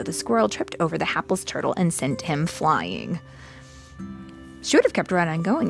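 A woman's voice: on the low side, gravelly. A woman reading a storybook aloud to a child, stopping now and then to chat about the story. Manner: slow, animated, stops to chat with the child.

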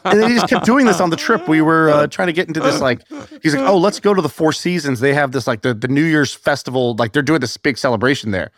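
This is a man in his thirties chatting on a podcast, an animated storyteller who laughs a lot. His voice sits a bit high. The sound is dry and close. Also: fast talker, no echo. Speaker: podcast guest. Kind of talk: casual podcast chat.

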